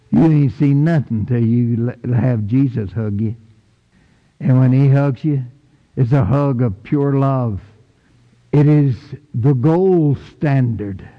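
Male pastor, slow and deliberate sermon delivery, big swings from hushed to cried-out lines, long sanctuary reverb. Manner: preaching with dramatic swings between low hushed lines and high cries.

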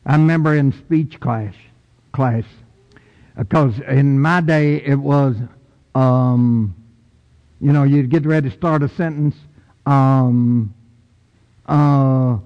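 An older man preaching a sermon as pastor, slow and emphatic, with sudden rising outbursts. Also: mid-range voice, fairly even intonation, lo-fi sound. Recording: long reverb of a church hall.

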